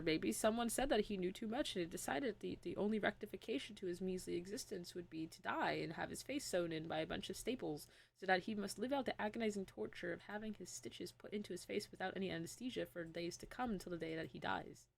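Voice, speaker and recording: A woman's voice: mid-range voice, vocal fry, a bit bright. Chatty young woman streaming a game. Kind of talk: casual gameplay commentary. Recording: game music playing behind.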